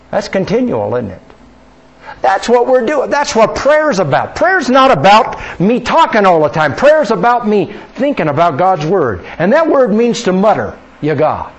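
A man's voice: sits high, huge pitch swings, moderate pace, highs cut off. A male pastor preaching a sermon in a church, conversational, with many rhetorical questions. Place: church sanctuary.

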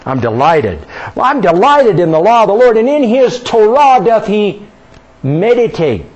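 A man's voice: high-pitched, big pitch swings, normal speed, darkish tone, breathy edge, lo-fi sound. A male pastor preaching a sermon in a church, conversational, with many rhetorical questions. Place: church sanctuary.

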